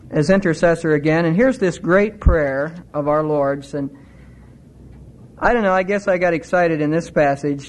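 A middle-aged man preaching a sermon, earnest and growing excited as he teaches from scripture. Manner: earnest, rises in pitch when excited.

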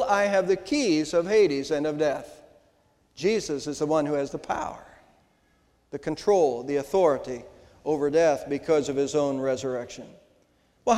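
An older man, a pastor, preaching an Easter sermon in a church, with emphatic rises and slow, stressed words. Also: sits high, a little mellow. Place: church sanctuary. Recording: long hall reverb.

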